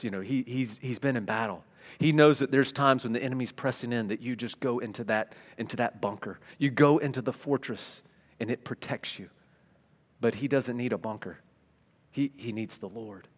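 A man preaching a sermon, stumbling over repeated words and swinging between loud emphasis and hushed tones. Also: medium pitch. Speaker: pastor. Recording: long hall reverb.

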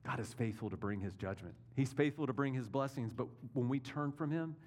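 Male pastor mid-sermon: chatty, leans on "right?" asides, moves between punchy emphasis and quiet. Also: medium pitch, fairly quick. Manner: conversational, checks in with listeners with rhetorical questions.

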